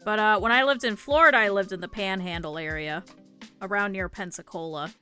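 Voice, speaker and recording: Young midwest woman streamer, bright voice, rambly chatty crafting talk, quiet music behind. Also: mid-range voice, fairly quick. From northern Ohio, US. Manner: rambling, chatty, thinks aloud. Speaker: VTuber streamer. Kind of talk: casual chat while crafting.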